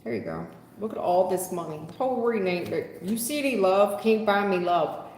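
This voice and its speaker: A woman's voice: mid-range voice, fairly quick, darkish tone, a little hiss or hum. Sarcastic woman reading tarot, echoey room. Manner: sarcastic, scolding, folksy. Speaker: tarot reader. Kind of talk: live-stream tarot reading. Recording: echoey room with long reverb.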